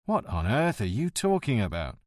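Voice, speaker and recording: A male narrator plays a cunning, hot-tempered police inspector in an audiobook. He speaks in a biting, theatrical way, and his pitch swings widely. The sound is dry and close. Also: wildly swooping pitch, normal speed, a little mellow, dry recording. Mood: reasoning.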